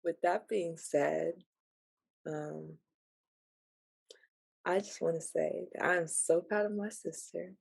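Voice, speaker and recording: Slow, tearful heartfelt woman. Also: on the low side, steady tone, gravelly, darkish tone, husky, dry recording. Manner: tearful, slow and heartfelt, laughing through tears. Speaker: podcast co-host. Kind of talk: emotional casual podcast talk.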